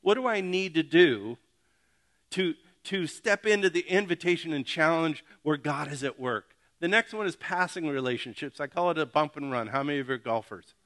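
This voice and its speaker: Speaking at a normal pace in a bright, forward, somewhat high voice, a middle-aged man preaches a loose, chatty sermon. This pastor cracks jokes, stays animated and addresses the congregation directly.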